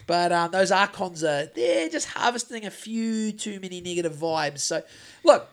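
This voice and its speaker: A man's voice: high-pitched, lively intonation, moderate pace, a bit bright. A man, co-hosting a podcast in casual chat, rambling and swearing with lots of restarts. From New Zealand. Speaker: podcast co-host.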